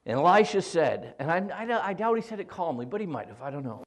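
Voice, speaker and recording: A high-voiced male pastor preaching a sermon. He retells scripture in an animated, joking way, like a storyteller. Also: quick pace, few pauses.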